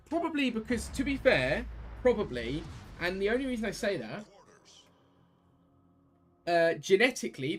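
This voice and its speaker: Young British streamer, British accent, loose rambling chat over soft game music. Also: male voice, medium pitch. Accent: British English. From Britain. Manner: rambling, talks to chat, many restarts. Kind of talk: casual chat while gaming.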